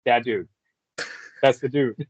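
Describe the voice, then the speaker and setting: A man's voice: medium pitch, fairly even intonation, a little slow, dry recording, dull audio. A man who works as a voice actor and actor, a guest chatting in an easygoing, laid-back way and laughing often. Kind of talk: casual interview chat.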